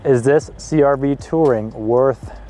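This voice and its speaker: Man, twenties, car review host, excitable, casual asides, average pitch, outdoors. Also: measured pace. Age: 20s.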